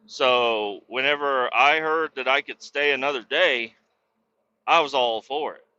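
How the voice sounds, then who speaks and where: A man's voice: mid-range voice, unhurried, bright, forceful tone, muffled recording. A man hosting a podcast, telling a rambling, profane story in a casual, blunt way. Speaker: podcast host.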